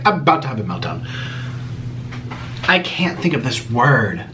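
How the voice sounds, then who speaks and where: Young man, casual vlog host, very lively pitch, dramatic, faint background hiss. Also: unhurried, pauses often. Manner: animated, dramatic swings between exasperated and mocking. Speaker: YouTuber hosting a Q and A. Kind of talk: casual vlog talk to camera.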